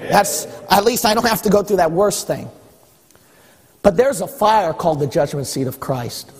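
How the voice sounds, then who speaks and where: A man preaching a sermon as pastor, exhorting with wry rhetorical questions and a husky voice. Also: sits high, expressive, normal speed. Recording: long hall reverb.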